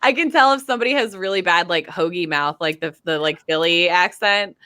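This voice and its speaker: A woman's voice: lowish voice, a little fast, pushed and bright, clear, resonant tone, no room sound. A woman guest in casual fan chat, bubbly and rambling, with lots of fillers.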